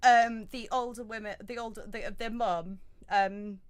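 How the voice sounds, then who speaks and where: A woman's voice: a little high, fairly even intonation, measured pace. Hesitant woman running a tabletop game. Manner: hesitant, many ums and restarts. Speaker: dungeon master.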